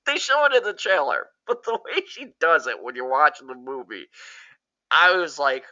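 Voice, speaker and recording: A man giving a casual, profane, rambling spoken review of a horror movie, getting excitable and jumping up in pitch when he quotes characters. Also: moderate pace, dull audio. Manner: jumps high when quoting characters.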